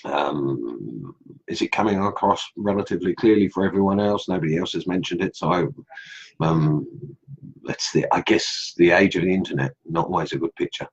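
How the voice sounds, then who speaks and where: Hosting a relaxed live stream for his online group, this middle-aged man from England drifts through viewer comments, filling gaps with lots of ums. His voice sits low and husky with vocal fry, moving at a moderate pace in an Australian accent with English undertones. It's captured on a computer mic, so the sound is lo-fi.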